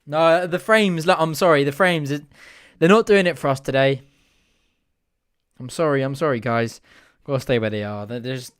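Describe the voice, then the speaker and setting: A young man hosting a live football watch-along, shouting at the match, swearing and groaning over his team. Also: mid-range voice, normal speed, pauses often, clear, resonant tone. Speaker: fan watch-along host.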